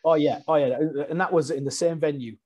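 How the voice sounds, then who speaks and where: Husky man telling wrestling stories. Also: on the high side, fairly quick, muffled recording. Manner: animated storyteller, acts out quotes. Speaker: guest wrestler. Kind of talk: casual interview chat.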